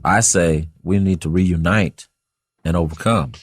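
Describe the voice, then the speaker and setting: A man from St. Louis in a casual group discussion, telling neighborhood stories in a measured, reminiscing way. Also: deep voice, no room sound, clean studio sound. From St. Louis, USA. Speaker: discussion panelist.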